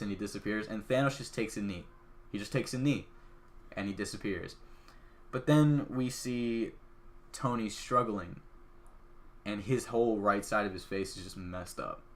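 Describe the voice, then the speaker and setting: A man hosting a podcast, excitedly retelling a film in a casual, chatty way full of "like" fillers. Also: fairly low pitch. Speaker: podcast host. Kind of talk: casual movie recap.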